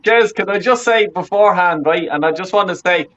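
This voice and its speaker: Fan-channel interviewer, high voice, dull lo-fi sound, giggly storyteller. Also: male voice, brisk. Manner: excitable, laughs a lot, keeps saying "right?". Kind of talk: casual chat.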